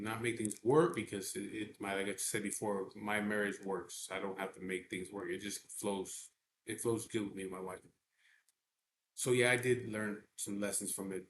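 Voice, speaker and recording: Blunt, low-voiced man. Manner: blunt and profane, with double negatives. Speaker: channel host telling a personal story. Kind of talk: casual storytelling. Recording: echoey room with faint background noise.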